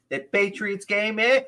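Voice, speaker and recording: A man mimicking a swaggering comic with a put-on Boston accent, brash and taunting, voice pitched up high, loud and loutish. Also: heavily acted.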